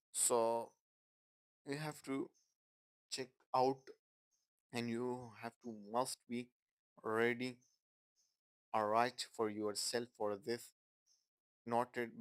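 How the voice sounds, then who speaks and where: A man gives an English grammar lesson at an unhurried, deliberate pace. His English is non-native and broken. He repeats each example sentence and checks in with the class often. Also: medium pitch, clean tone, poor audio. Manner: repeats example sentences, asks "What?" and "Okay, guys?".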